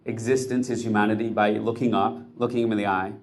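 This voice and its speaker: A man's voice: lowish voice, steady tone, fast. A man telling a dramatic story to listeners, building suspense with short, punchy phrases.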